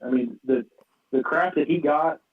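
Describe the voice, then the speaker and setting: Homme excitable sur ligne téléphonique lointaine. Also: male voice, a little high, moderate pace. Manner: excitable, says dude and I mean a lot. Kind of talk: casual sports talk. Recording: distant tinny phone-like line.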